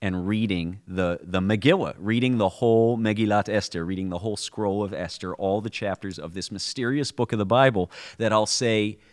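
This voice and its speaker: A man's voice: fairly low pitch, normal speed, hardly any pauses. A man co-hosting a podcast, explaining a holiday story in a conversational, storytelling way with frequent restarts. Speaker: podcast co-host.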